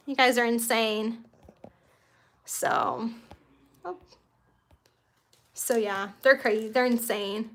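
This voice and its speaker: A young woman hosts a casual live stream from her bedroom, her voice high and bright. She rambles in a chatty, bubbly way and greets viewers as she reads their comments aloud. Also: steady tone, slow pace, pauses often. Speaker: livestream host.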